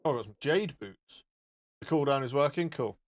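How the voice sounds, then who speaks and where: A man's voice: mid-range voice, animated, moderate pace. A man chatting casually and joking as he shows off filters on his live stream, with some swearing.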